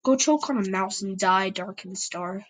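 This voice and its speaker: A woman's voice: medium pitch, moderate pace, natural voice. A woman voicing a defiant cat clan leader in an amateur story podcast, speaking in a blunt, accusing way.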